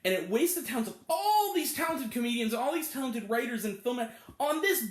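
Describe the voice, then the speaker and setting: A man in his late twenties rants through a movie review. His voice sits high and swings widely as he vents his exasperation, with some swearing. The sound has a roomy echo. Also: sing-song, brisk, hardly any pauses. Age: 20s. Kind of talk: casual movie review rant. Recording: echoey room.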